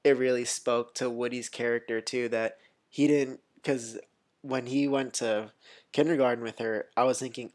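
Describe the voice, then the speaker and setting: A young man talking casually on a movie podcast, with an even, mid-range pitch. He is animated and slips into little acted-out quotes from the scenes he describes. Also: normal speed. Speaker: podcast co-host. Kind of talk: casual movie review chat.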